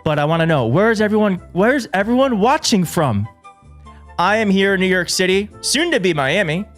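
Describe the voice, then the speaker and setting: Excitable man hosting a show. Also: sits high, brisk, soft background music. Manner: excitable, jokey, frequent restarts. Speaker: show host. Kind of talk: live political commentary show. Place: studio in a big city.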